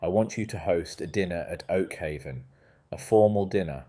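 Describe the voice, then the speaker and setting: Man reading a composed woman gardener, deep and flat, firm and matter-of-fact. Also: normal speed.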